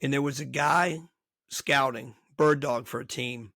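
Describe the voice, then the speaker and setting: A man's voice: mid-range voice, unhurried, no echo, clean studio sound. A middle-aged man hosting a podcast, a baseball coach telling stories in casual chat and acting out the voices of people he quotes. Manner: animated storyteller acting out quoted dialogue. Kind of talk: storytelling in casual interview chat.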